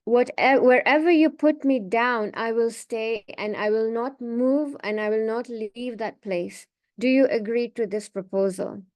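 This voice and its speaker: A woman's voice: fairly high pitch, measured pace, darkish tone, natural voice. A woman voicing a firm young hill boy. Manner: earnest, insistent on a promise.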